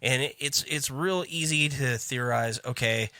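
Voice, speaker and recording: A man's voice: medium pitch, a little slow, bright, forceful tone, no echo. A man in his thirties, a podcast co-host, chatting casually in a rambling way, stumbling and swearing. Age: 30s. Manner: rambling, repeats words, swears. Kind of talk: casual chat.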